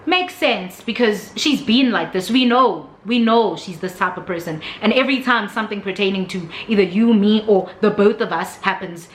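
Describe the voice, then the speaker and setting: A young woman with a South African accent telling a storytime vlog in an animated, dramatic way. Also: mid-range voice, moderate pace, hardly any pauses. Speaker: vlogger. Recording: roomy with faint noise.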